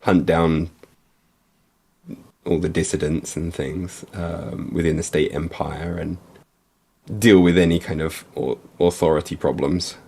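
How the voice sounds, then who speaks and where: Low-voiced man, relaxed casual chat. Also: measured pace, creaky, slightly rough. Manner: relaxed, chatty, with fillers. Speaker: co-host.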